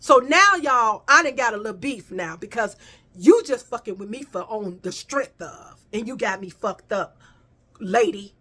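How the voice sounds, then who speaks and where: Woman, vlogger, casual storytime, blunt and profane, talks to viewers, slightly high voice. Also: lively intonation, normal speed, bright, forceful tone.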